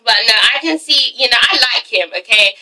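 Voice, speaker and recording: Bright, high-voiced woman, blunt. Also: lively intonation, fairly quick, far from the mic, poor audio. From England. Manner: blunt, swears a lot, repeats "okay?". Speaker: reality TV reviewer. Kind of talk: casual commentary vlog.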